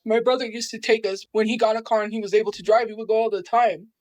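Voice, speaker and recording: A woman's voice: a little high, steady tone, fast talker, a little mellow, no room sound. A woman from New Mexico talking on a livestream, aggrieved and defensive as she recounts family matters. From Albuquerque, New Mexico. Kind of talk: livestream monologue.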